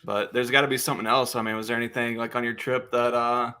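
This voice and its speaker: A man co-hosting a podcast, asking relaxed questions and adding short comments. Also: medium pitch, fast talker, clean tone. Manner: relaxed, brief interjections and questions. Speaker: podcast co-host. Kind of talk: casual chat.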